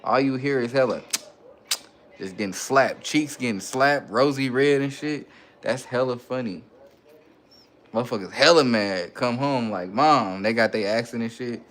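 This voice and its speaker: A man's voice: medium pitch, measured pace, fairly bright tone, a little hiss or hum. A man hosting a casual livestream, reading viewer comments aloud and answering in loose, slang-heavy banter. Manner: laid-back slang-heavy banter with frequent laughing. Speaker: livestream host.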